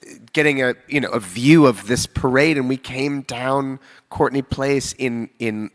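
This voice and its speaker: A man on a convention panel, animated and casually swearing while recounting stories. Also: mid-range voice, measured pace, in a large hall. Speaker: actor on a panel.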